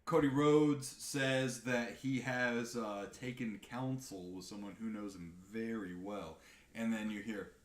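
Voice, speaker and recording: A man on a live podcast, chatting casually in a profane, animated rant. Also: fairly low pitch, a little slow, echoey room. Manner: animated, profane ranting with mocking impressions. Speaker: podcast co-host.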